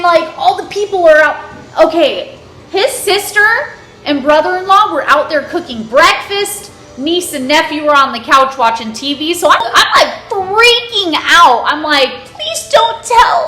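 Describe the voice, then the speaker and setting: A woman's voice: high voice, sing-song, unhurried, pushed and bright. A young woman telling a crude, laughing storytime to her vlog audience in a casual way. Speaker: vlogger. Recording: echoey room with faint music.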